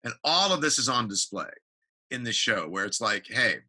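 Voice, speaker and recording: A man's voice: mid-range voice, sing-song, normal speed, bright, forceful tone, rough recording. A man chatting as a podcast guest, telling stories energetically, acting out quotes and swearing casually. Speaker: guest, TV builder. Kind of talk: casual interview chat.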